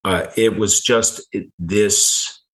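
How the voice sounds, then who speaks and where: A middle-aged man recounting a personal story in conversation, halting and repeating words, with small chuckles. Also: on the low side, fairly even intonation, fairly bright tone, rough recording. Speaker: guest.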